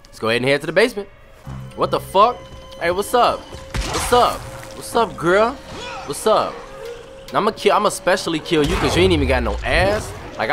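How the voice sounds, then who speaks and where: A young man giving loud, profane, joking commentary while playing a video game. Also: on the high side. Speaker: gaming commentator. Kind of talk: casual let's-play commentary.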